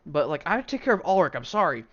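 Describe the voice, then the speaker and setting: A man's voice: a little high, big pitch swings, fairly bright tone, lo-fi sound, voice pushed up. Man voicing a weary, pleading healer. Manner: pleading, rushed. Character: weary, apologetic party healer.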